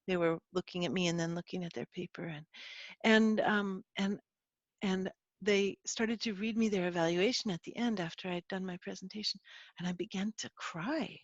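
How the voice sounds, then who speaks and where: A woman as a guest expert in an interview, explaining and telling a personal story in an earnest, animated way. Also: mid-range voice, normal speed, dry recording, highs cut off.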